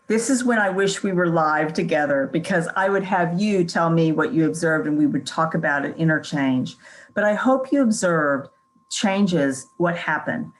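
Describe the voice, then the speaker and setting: A woman's voice: on the low side, rough recording. A middle-aged woman presenting a recorded parent workshop, explaining teaching strategies with a few fillers. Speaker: workshop presenter, speech therapist. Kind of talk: recorded online workshop talk.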